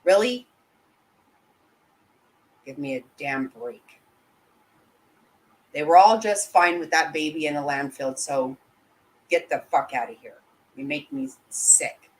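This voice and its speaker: A woman's voice: sits low, slow pace, pauses often, poor audio. Woman streamer, blunt and indignant, swears a lot, talks to chat. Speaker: livestream host reading chat. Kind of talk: casual livestream commentary.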